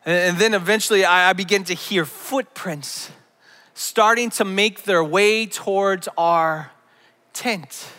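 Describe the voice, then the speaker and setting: A man's voice: high voice, unhurried, pushed and bright. A pastor in his thirties, preaching a sermon and telling a personal story, often repeating words as he goes. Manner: storytelling, frequent word repeats.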